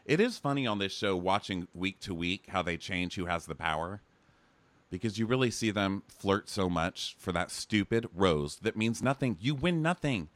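A man's voice: deep voice, animated, normal speed, no echo. A man co-hosting a podcast, casually recapping a reality show in a sarcastic, profane way. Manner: sarcastic, swears freely. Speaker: podcast co-host.

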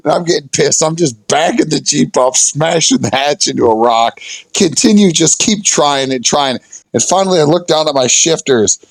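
A man tells a rambling off-road story to his podcast friends, swearing freely and acting out his own past lines. His pitch swings widely and the sound is dry and close. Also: animated, moderate pace, creaky, no room sound, rough recording. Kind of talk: casual profane storytelling.

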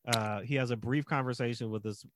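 A man's voice: mid-range voice, fairly quick, noisy background. A man co-hosting a podcast, retelling and critiquing a movie in casual chat with frequent laughter. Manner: animated, acts out scenes, laughs often. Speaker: podcast co-host.

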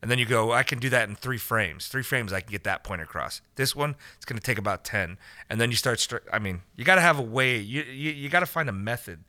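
A man co-hosting a podcast with a very bright voice recorded dry and close. He jokes around and lays out his ideas in long explanations. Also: medium pitch, quick pace, hardly any pauses, dry recording. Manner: joking, explains ideas at length. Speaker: podcast co-host. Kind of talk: casual podcast banter.

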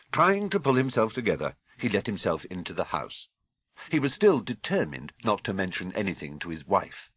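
British man, audiobook narrator, low voice, lively intonation, husky, dry close mic. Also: dry recording. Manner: expressive, measured storytelling. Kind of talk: scripted narration.

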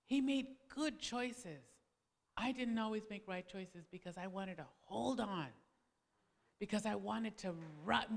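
A woman telling a personal story in a sermon to a congregation, animated and dramatic as she acts out quoted arguments. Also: gravelly, big-room sound. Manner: animated storytelling, acting out quoted arguments with big pitch swings. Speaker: preacher's wife speaking to a congregation. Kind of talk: sermon-style personal testimony.

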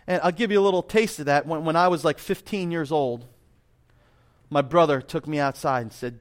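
A middle-aged male pastor with a slightly raised pitch, preaching in an easygoing, self-deprecating way. He mixes a plain conversational tone with personal asides. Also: a little fast. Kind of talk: sermon.

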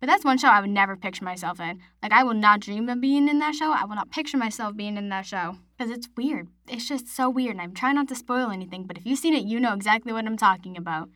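A woman's voice: medium pitch, animated, fast talker, few pauses, a bit bright, no room sound, clean studio sound. A young woman from Massachusetts hosting her own podcast, chatting casually and rambling with lots of "like". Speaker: podcast host. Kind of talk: casual solo podcast chat.

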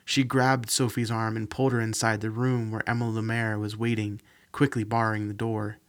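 A man narrating a fantasy novel in a steady, even reading. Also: fairly low pitch, moderate pace. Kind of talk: audiobook reading.

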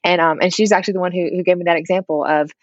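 A woman's voice: lowish voice, fairly even intonation, very fast, dry recording, lo-fi sound. A woman hosting a podcast, chatting casually and laughing easily with her guest. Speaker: podcast host. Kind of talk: casual interview chat.

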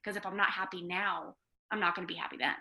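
A woman's voice: on the low side, fairly even intonation, fast, bright, forceful tone. A woman, a podcast co-host talking openly and emotionally about her own struggles. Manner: open, candid and emotional. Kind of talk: casual podcast interview.

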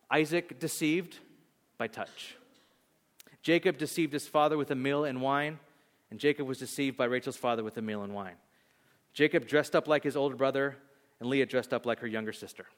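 A male pastor preaching a sermon, telling a story animatedly and acting out its lines in shifting voices. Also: a little high. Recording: long hall reverb.

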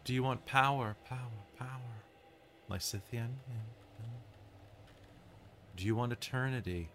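A man voicing a cold, ethereal female ice goddess spirit in a soft whispered role-play, repeating words as if they echo. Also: medium pitch, unhurried, slight background noise. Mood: coaxing, tempting.

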